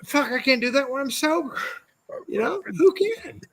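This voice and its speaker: A man who raced motorcycles, telling loud and profane stories as a podcast guest, often slipping into mock quotes of other people. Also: very high-pitched, expressive, moderate pace. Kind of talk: unfiltered storytelling, heavy swearing. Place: podcast studio.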